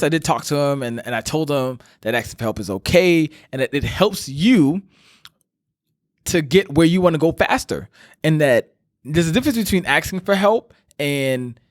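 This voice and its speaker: Brief: male life coach host, earnest motivational talk, slightly high voice, dry close mic. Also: no room sound. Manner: earnest, addresses listener as brother, many fillers. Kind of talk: direct motivational talk to listeners.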